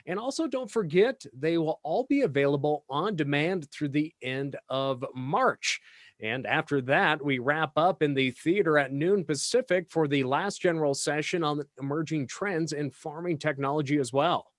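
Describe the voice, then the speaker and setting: An upbeat man hosts a welcome video, running through the day's schedule in a promotional tone. His voice sits a little high. The recording is dry and close. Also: moderate pace, no room sound. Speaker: podcast host. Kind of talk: scripted event announcements.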